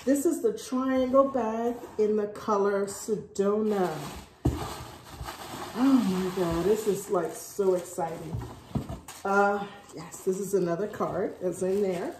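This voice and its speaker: Filming an unboxing vlog at home indoors, a woman gushes with gasps and breathless, repeated exclamations of delight. Her medium-pitched voice is steady and slow, recorded in an echoey room with a noisy background.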